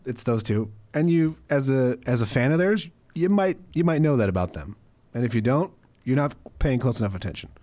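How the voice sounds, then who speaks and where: A man's voice: mid-range voice, expressive, fairly quick, a little mellow. A man co-hosting a casual podcast, making points in a blunt, matter-of-fact way. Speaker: podcast co-host.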